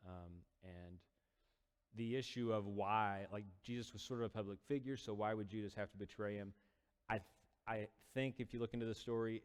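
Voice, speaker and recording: A man's voice: on the low side, smooth, long reverb tail. A man casually retelling a scripture story as a lesson, conversational and loose, with fillers, sometimes acting out the quoted lines.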